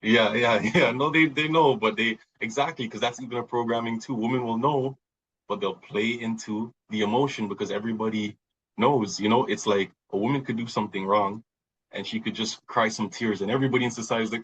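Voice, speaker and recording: A man with a husky, slightly low voice talks reflectively as a podcast guest. He repeats phrases to drive a point home. Now and then he mimics other people's reactions. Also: fairly quick, a bit bright, poor audio. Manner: reflective, repeats words, acts out quoted voices with laughs. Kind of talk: casual conversational talk.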